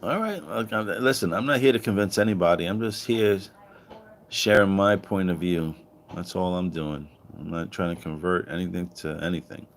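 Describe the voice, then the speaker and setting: Animated man ranting with swearing. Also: normal speed, slight background noise. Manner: animated, swearing, rhetorical questions; acts out quoted voices with higher pitch. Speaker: online commentator. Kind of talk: casual livestream monologue.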